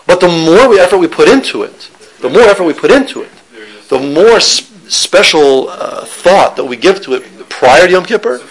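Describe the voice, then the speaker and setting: A man's voice: high-pitched, animated, normal speed, breathy edge, low-quality recording. A man giving an informal Torah lesson, talking conversationally with restarts and joking with listeners. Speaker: teacher giving a Torah class.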